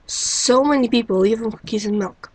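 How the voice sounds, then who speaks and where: Woman, webcam vlogger, slightly high voice, wry rambling with endless rhetorical questions. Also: moderate pace, slight background noise, low-quality recording. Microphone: built-in webcam mic.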